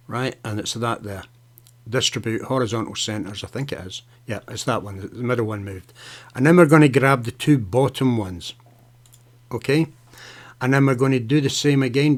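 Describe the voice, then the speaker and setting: A man hosting a live software tutorial, chatting casually as he clicks through steps, often saying "okay" and "right". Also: mid-range voice. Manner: casual, talks to viewers by name, fillers and okays. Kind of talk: live screen-share tutorial.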